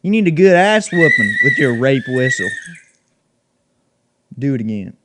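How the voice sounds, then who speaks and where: A man with a medium-pitched voice, big pitch swings, and a slightly slow delivery plays a bigoted, crude redneck in a comedy sketch, ranting loudly, taunting, and cursing constantly. The recording is very noisy.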